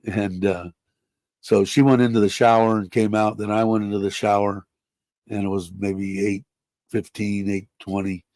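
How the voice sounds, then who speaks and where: A man's voice: on the low side, little pitch movement, normal speed, a little mellow, dry recording. An older retired man chatting casually on his livestream, rambling and blunt, swearing freely and laughing often. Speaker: livestream host. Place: home in Thailand.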